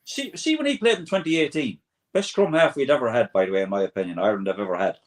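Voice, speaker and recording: A man's voice: medium pitch, animated, fast. A man on a sports podcast panel, speaking bluntly and with emphasis. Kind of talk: casual podcast chat.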